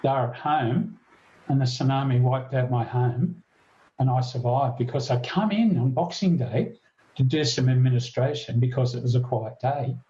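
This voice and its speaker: Older man, retired detective guest, earnest storyteller, warm low-key voice. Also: highs cut off. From Australia. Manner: earnest, halting, with many restarts. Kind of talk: storytelling in a podcast interview.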